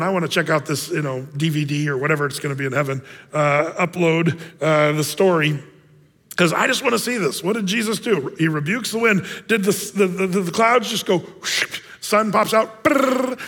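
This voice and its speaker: A high-voiced man preaches in a loose, conversational way, acting out the voices of the people in his story as he goes. His voice has a husky edge, and it rings with a long echo through a large hall. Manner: casual, animated, acts out quoted voices. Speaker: pastor. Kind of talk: sermon.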